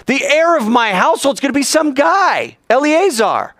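A man's voice: extremely high pitch, very animated, moderate pace, a bit bright, no room sound, studio quality, pitched above the performer's own voice, exaggerated voice. A man voicing Abraham as an impatient elderly nomad, pleading and exasperated.

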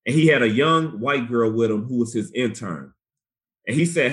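A man in his forties from Chicago, a guest activist telling his story in an animated, profane, slangy way. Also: mid-range voice, moderate pace. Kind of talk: candid storytelling interview.

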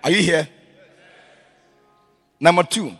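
A man preaching a sermon as pastor, swinging between loud shouted lines and quiet, low storytelling. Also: slow pace, husky, faint music behind.

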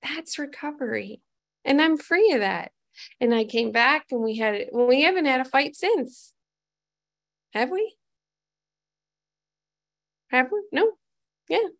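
A woman's voice: high-pitched, expressive, moderate pace, vocal fry. A woman giving a personal recovery testimony to a group, candid and self-mocking, asking her listeners questions as she goes. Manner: conversational, asks the audience questions. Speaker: speaker sharing her recovery story.

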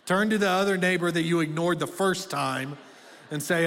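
A man's voice: fairly high pitch, normal speed, fairly bright tone. A man in his thirties preaching a sermon as pastor, conversational and direct, asking the congregation to speak back. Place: church auditorium. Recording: long reverb of a church hall.

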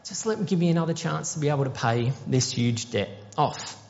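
A preacher voicing a desperate man begging a king for mercy in a high, pleading voice. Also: lively intonation, brisk, vocal fry, darkish tone. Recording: dull sound with long reverb.

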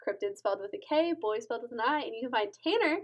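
A woman's voice: fairly high pitch, lively intonation, very fast. A woman co-hosting a casual podcast, upbeat and teasing as she reads the outro. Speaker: podcast co-host.

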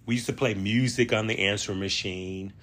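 Husky Southern man hosting a monologue. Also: fairly low pitch, steady tone, fairly bright tone. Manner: slow, deliberate delivery with drawn-out emphasis. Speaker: podcast host. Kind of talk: reflective solo monologue. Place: Washington, D.C.

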